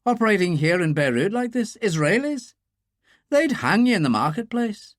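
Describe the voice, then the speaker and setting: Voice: medium pitch, big pitch swings, normal speed, dry recording, clean studio sound, pitched above the performer's own voice, natural voice. An audiobook narrator voicing a tough male operative who talks laconic and sardonic.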